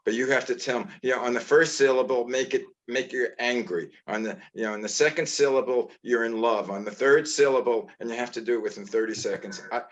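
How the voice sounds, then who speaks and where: A man's voice: medium pitch, fast talker, hardly any pauses, lo-fi sound. An older man hosting an interview, sharing rambling anecdotes from his past work. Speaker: interview host. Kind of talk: casual interview chat.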